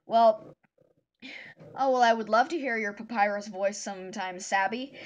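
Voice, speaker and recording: A woman chats casually to her viewers while she draws. She rambles from thought to thought with lots of fillers, in an ordinary, mid-pitched voice. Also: normal speed. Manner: chatty, rambling, many fillers. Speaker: vlogger. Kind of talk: casual chat while drawing.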